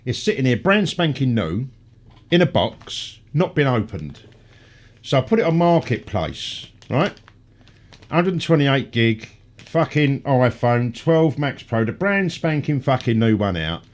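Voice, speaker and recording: Middle-aged man, sweary ranting host, lively up-and-down voice. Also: medium pitch, measured pace. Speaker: radio show host. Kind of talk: casual chat.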